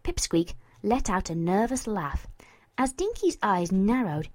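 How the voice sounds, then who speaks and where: A woman reading a story aloud as narrator, slow and expressive, at times dropping to a whisper. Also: medium pitch.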